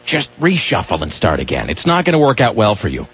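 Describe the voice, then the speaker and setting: A man's voice: fairly low pitch, huge pitch swings, a little fast, fairly bright tone, breathy edge. A man hosting a radio talk show, rambling through sardonic comic riffs with lots of restarts. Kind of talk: casual comic radio banter. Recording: dull lo-fi radio broadcast.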